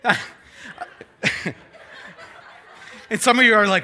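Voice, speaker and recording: A man's voice: high-pitched, slow, long pauses, a little hiss or hum. A man in his thirties preaching a sermon, joking and acting out quoted voices. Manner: animated, joking, acts out quotes in changing voices. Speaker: pastor.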